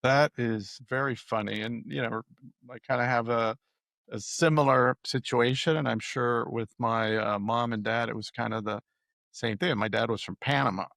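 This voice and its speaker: Man, podcast host, gravelly, relaxed halting questions, dry mic. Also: medium pitch, dry recording. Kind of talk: interview questions.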